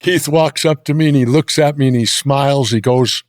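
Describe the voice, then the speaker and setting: An older American man telling blunt, gruff stories in a sit-down interview. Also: mid-range voice, fairly even intonation, moderate pace, hardly any pauses, dry recording, clean studio sound. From United States. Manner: gruff, blunt anecdotal storytelling. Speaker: interview guest. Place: indoor interview set.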